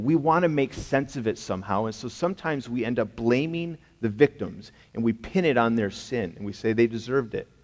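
A man preaches to a congregation in a relaxed, conversational way, leaning on rhetorical questions and firm emphasis. His voice sits at an ordinary middle pitch. It rings out with a long reverb, as if in a large church hall. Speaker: pastor. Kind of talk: sermon. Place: church sanctuary.

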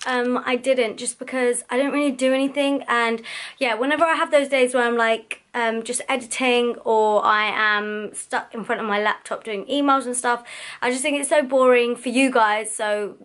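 Young woman, high voice, rambling chatty vlog talk, lots of fillers. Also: moderate pace, a bit bright. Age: 20s. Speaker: makeup vlogger. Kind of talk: casual vlog chat. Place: out and about in London.

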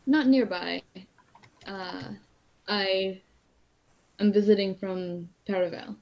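A woman playing a tabletop game, casual and relaxed, giving brief replies. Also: medium pitch, takes it slowly, vocal fry. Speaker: player. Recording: dull lo-fi mic.

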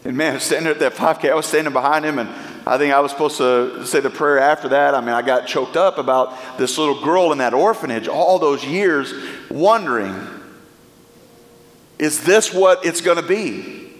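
A man's voice: mid-range voice, brisk. A man preaching a sermon as pastor, speaking with impassioned, emphatic pleas. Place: church sanctuary. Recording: echoey church hall.

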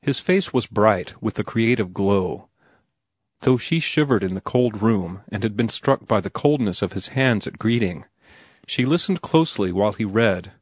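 Low-voiced man narrating an audiobook. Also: no room sound, clean studio sound.

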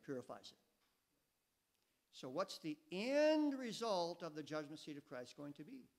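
Guy preaching at church, kinda high voice, keeps asking the crowd stuff, steps off the mic now and then. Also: sing-song, a little slow, darkish tone. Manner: teaching with questions to the congregation. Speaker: pastor. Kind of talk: sermon. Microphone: mic he sometimes steps away from.

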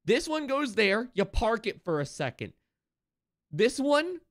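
A man streaming a video game live, thinking out loud and repeating himself, with sudden excited outbursts. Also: extremely high pitch, a little slow. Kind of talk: live gameplay commentary.

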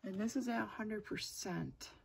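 A woman in her thirties casually walking through embroidery software at her home computer, hesitant and self-deprecating, with lots of ums. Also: medium pitch, moderate pace, creaky, noisy background. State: has the hiccups. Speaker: crafter demonstrating software. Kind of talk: casual screen-recorded tutorial.

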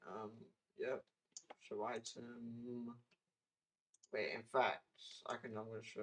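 A man's voice: mid-range voice, pushed and bright, poor audio. A young man from the UK chatting casually on a live stream, rambling with restarts and sudden exclamations. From United Kingdom.

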